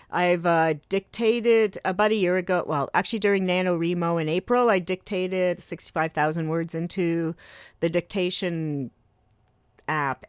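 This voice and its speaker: Low-voiced middle-aged woman musing aloud. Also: clean tone, dry recording, studio quality. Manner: musing aloud, chatty, answers chat with small laughs. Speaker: horror writer streaming her work. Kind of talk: casual live-stream chat while editing. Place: home desk with her books on a shelf above.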